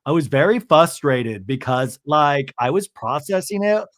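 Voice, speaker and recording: Irritated reality-show wife, exasperated and defensive, slightly lower than his usual voice, as a male host imitates her. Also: lively intonation, measured pace, a bit bright, no room sound, studio quality. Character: irritated reality-TV wife recounting a phone call.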